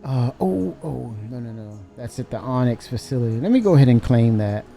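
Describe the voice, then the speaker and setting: Brief: male streamer, gravelly and dark, talks to himself slowly while playing, faint music behind. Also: mid-range voice, expressive. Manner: muttering to himself, laughing, mock raging. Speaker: game streamer. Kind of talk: casual live game commentary.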